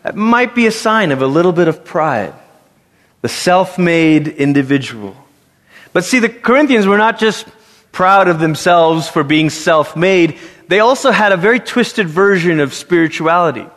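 A man preaching a sermon in a conversational, animated way, with casual asides to the congregation. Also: on the high side. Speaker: pastor. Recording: long hall reverb.

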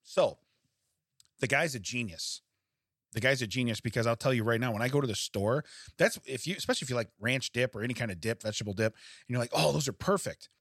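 A man's voice: mid-range voice, lively intonation, quick pace, fairly bright tone, no room sound, studio quality. A man co-hosting a podcast in casual comedic banter, laughing often and reading out trivia facts. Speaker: podcast co-host.

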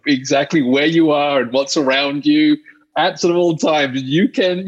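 A middle-aged man, a guest chatting in a relaxed, rambling way with small restarts. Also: fairly high pitch, lo-fi sound. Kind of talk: casual conversation.

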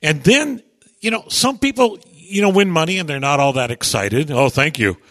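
A male radio host tells stories in a bright, animated way. He speaks with a slightly raised pitch from a studio mic. He stammers a little and repeats words as his enthusiasm builds. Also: normal speed. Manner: chatty, repeats words when excited, slips into voices. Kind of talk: animated on-air storytelling.

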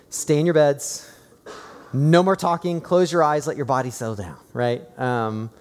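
A man preaching a sermon, earnest and hushed in stories, rising to fervent, emphatic preaching. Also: medium pitch. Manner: tearful and hushed while telling a personal story. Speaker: pastor. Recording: long reverb of a large hall.

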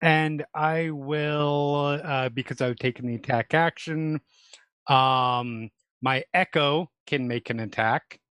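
A man's voice: a little high, takes it slowly, a bit bright, clear, resonant tone, dry recording. A man playing a tabletop game, chatting casually, calling out his rolls and explaining rules. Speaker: player.

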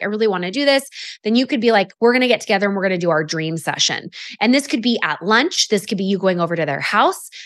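A woman's voice: medium pitch, a bit bright, no room sound, studio quality. A woman hosting a podcast, coaching listeners in a chatty, upbeat way with many casual fillers. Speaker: podcast host and network marketing coach. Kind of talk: solo podcast teaching.

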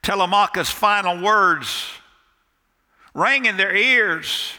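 A male pastor preaches in a church sanctuary, his high, very bright and forceful voice trailing off into a long hall reverb. He delivers the sermon slowly and deliberately, pausing dramatically and dropping nearly to a hush for emphasis. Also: lively intonation. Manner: dramatic storyteller with pauses and emphatic drops to near quiet. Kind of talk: sermon storytelling.

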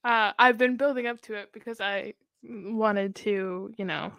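A woman's voice: mid-range voice, fairly even intonation, unhurried, vocal fry, a bit bright, no room sound. A woman co-hosting a sports podcast, talking playfully with hesitant ums. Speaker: podcast co-host. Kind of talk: casual chat.

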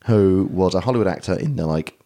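Deep-voiced rambling podcast host. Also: male voice, lively intonation, fast talker, warm tone. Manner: rambling, jokey, swears casually. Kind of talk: casual podcast chat.

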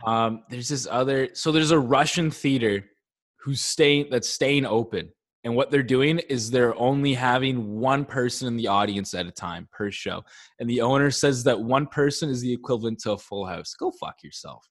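A man's voice: mid-range voice, normal speed. A young man co-hosting a podcast, talking bluntly with lots of swearing in casual chat. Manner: profane, blunt, bro-ish. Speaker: podcast co-host.

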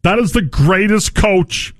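A man playing an excitable sports-radio bro, mocking and shouting in a comedic sketch. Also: high voice, slow pace, dry recording, studio quality. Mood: excited.

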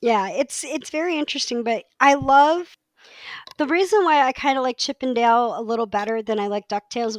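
Chatty higher-voiced woman co-host. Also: brisk, no room sound. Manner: chatty, enthusiastic, restarts often. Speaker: podcast co-host. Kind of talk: casual chat.

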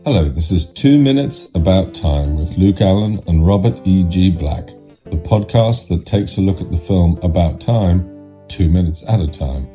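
A man's voice: low voice, animated, normal speed, dark tone. A man doing an impression of a well-known filmmaker, reading a podcast intro over music. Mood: genial. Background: faint guitar music.

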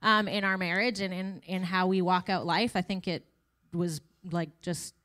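A woman's voice: fairly low pitch, fairly even intonation, normal speed, a bit bright. A woman in her thirties giving a casual, chatty testimony at church, with self-deprecating asides. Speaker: church speaker sharing testimony.

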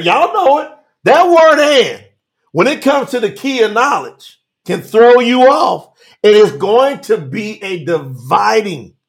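A man preaching on a live stream, animated, calling out to viewers by name and reading scripture slowly for emphasis. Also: sits high. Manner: Southern-style 'y'all' address, drawn-out emphatic reading. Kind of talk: livestream sermon reading scripture.

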